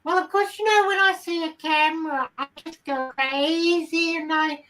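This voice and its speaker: A woman voicing an excitable, chatty female hen who rambles with lots of ums. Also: extremely high pitch, normal speed, recorded from a distance, rough recording. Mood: giddy. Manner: rambling, giddy, full of ums. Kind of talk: comic character monologue.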